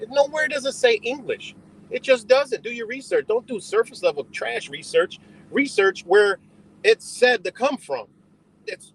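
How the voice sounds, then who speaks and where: Male livestream host, high and lively delivery, rambling, profane, argues with chat. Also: breathy edge, low-quality recording. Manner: answers chat directly. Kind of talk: ranting live stream talk.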